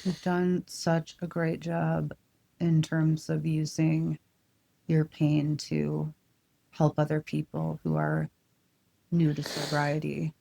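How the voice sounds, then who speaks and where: A woman hosts the interview, asking gentle, supportive questions. Her voice has a gravelly fry and a warm, mellow tone. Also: deep voice, slow pace. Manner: soft, supportive, encouraging. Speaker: interview host.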